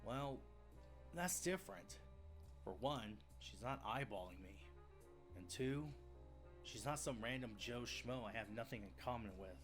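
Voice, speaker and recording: A man's voice: mid-range voice, expressive, a little slow, pauses often, a bit bright. A man voicing an earnest, somewhat nervous young defense attorney in a fan-made game. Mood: uneasy. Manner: nervous, grumbling. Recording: game audio with music behind.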